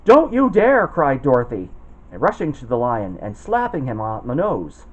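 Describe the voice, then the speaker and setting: A man reading a children's storybook aloud, expressive and putting on voices for the characters. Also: medium pitch, normal speed, lo-fi sound. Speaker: storybook reader.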